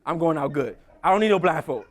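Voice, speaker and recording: A woman's voice: sits low, expressive, fast talker. A man voicing a fearless, defiant woman rebel general who talks scornfully and commands.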